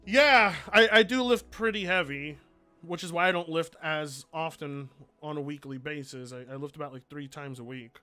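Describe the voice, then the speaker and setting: A man's voice: on the high side, normal speed, pushed and bright, faint music behind. A man streaming live, chatting loosely, swearing freely and reading out donations. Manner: rambling, swears freely, reads donations aloud. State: mellowed out. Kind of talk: casual livestream chat.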